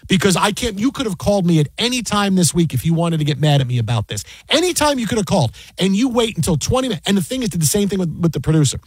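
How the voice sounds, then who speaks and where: Fast-talking husky man telling a story. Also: sits high, no echo. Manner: animated, acts out quoted dialogue, many restarts. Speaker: sports broadcaster and podcast guest. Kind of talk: casual storytelling chat.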